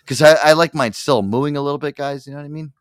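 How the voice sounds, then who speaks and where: A man's voice: a little high, quick pace, clear, resonant tone, no room sound, studio quality. A man hosting a radio show, telling a long story in a profane, rambling way with frequent restarts. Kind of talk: casual on-air rant.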